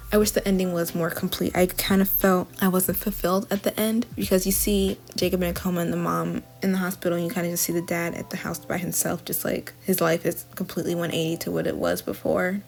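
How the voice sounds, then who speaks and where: A woman's voice: on the low side, creaky. A young adult woman giving a casual, chatty plot recap and review of a TV show, often saying "like" and acting out what the characters said. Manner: chatty plot recap with frequent "like" and quoted dialogue. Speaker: TV review vlogger.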